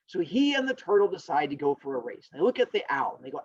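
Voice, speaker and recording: A male teacher telling a fable to his class, rambling and joking in an animated way over a video call. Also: a little high, fast talker, hardly any pauses, husky, muffled recording. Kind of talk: storytelling lesson.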